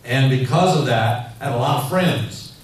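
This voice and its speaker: A man preaching a sermon in a church, telling stories in an animated, rambling way full of fillers. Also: mid-range voice, moderate pace. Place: church hall. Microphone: handheld mic. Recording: echoey hall, mic heard from far off, faint noise.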